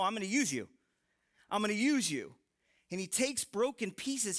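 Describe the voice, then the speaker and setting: High bright-voiced male preacher. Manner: animated, joking storytelling. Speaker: young adult ministry speaker. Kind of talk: live sermon to a young adult audience. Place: large room with live audience.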